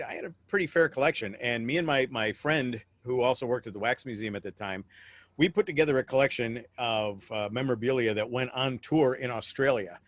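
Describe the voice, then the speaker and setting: A man's voice: mid-range voice, a bit bright, no echo. A middle-aged American man with a rambling, restart-filled way of talking, chatting as a guest on a video call. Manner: rambling storyteller with frequent restarts. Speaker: guest, memorabilia collector. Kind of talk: casual video call chat.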